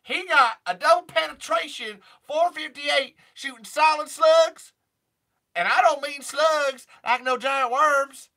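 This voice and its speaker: A man's voice: extremely high pitch, takes it slowly, sharp tone, pitched above the performer's own voice, exaggerated voice. A man putting on a tough country-singer woman, a hard-working single mom, with a twangy, sassy and bossy way of talking. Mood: defiant.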